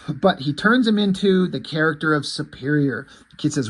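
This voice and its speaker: A man's voice: fairly high pitch, brisk, slightly rough. A man casually reviewing a comic book, rambling and correcting himself, with the odd swear word.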